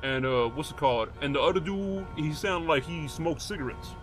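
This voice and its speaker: Excitable, profane young man, slightly high voice. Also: normal speed, faint music behind. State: out of breath. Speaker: streamer playing a mechanic. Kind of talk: in-character game role-play.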